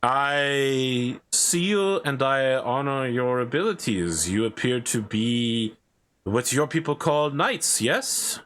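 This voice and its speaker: A man voicing a tall, lithe male fairy knight who speaks in a measured, formal courtly way. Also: mid-range voice, lively intonation, a bit bright, slight background noise.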